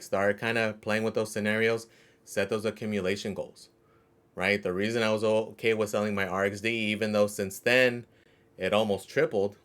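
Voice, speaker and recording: A man's voice: lowish voice, fairly bright tone. A man hosting a crypto mining vlog, talking casually and conversationally, often tagging his sentences with "right?". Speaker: crypto mining channel host. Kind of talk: casual vlog talk to camera.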